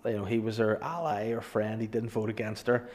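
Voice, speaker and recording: A man's voice: on the low side, fairly even intonation, fairly quick, a little mellow. Northern Irish man telling stories. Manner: storytelling, swears, acts out voices, laughs a lot. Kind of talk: casual comedic chat.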